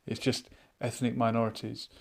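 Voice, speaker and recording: Man, live-stream chat host, casual, musing, reads chat comments aloud, mid pitch. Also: monotone, normal speed, vocal fry, darkish tone.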